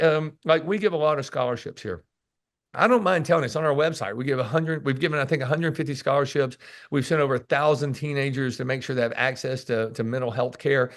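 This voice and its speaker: A man talking as a guest in a casual interview, telling emphatic stories and acting out what people say to him. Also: mid-range voice. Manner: animated storyteller who acts out what people say; emphatic and preachy, repeats key words. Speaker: podcast guest, sales author.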